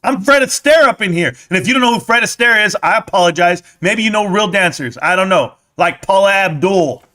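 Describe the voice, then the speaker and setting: A man's voice: sits high, animated, fairly quick, bright, forceful tone. A man live streaming about stocks, ranting brashly and mocking his chat.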